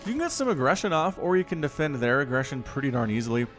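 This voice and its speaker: A man's voice: medium pitch, big pitch swings, quick pace, fairly bright tone, faint music behind. A man casting a strategy game match on his own, chatting straight to his viewers as he explains the play. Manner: chatty, addresses viewers directly. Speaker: esports caster. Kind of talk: solo game commentary.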